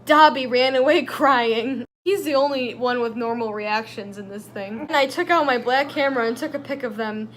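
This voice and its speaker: A young woman with a high voice reads lines from a silly story, then mocks them wryly. Faint noise hums behind her. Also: moderate pace, few pauses, fairly bright tone. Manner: wry, mocking. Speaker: comedy reader. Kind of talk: dramatic reading with joking asides.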